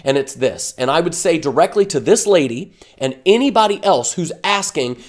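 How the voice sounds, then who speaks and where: A man's voice: a little high, lively intonation, normal speed, hardly any pauses. A man giving a fired-up, emphatic motivational talk to camera as an online business coach, full of rhetorical questions.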